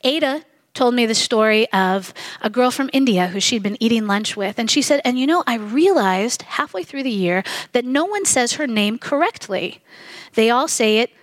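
A middle-aged woman preaching a sermon, earnest and measured, slowing down to stress key phrases. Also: fairly high pitch, animated, no room sound. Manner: earnest, measured, slows for emphasis.

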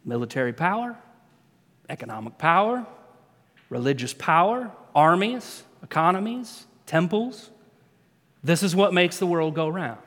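A man with a somewhat high voice preaches a sermon in a church sanctuary, his words trailing off into a long hall reverb. He tells the story with animated swings, dropping to a hush and then rising to emphatic peaks. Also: unhurried.

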